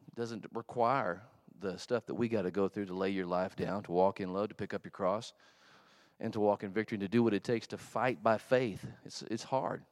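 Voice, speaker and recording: A man preaching a sermon in a church, telling a story in a conversational, animated way with asides to the congregation. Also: lowish voice, brisk, dry recording, clean studio sound. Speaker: pastor.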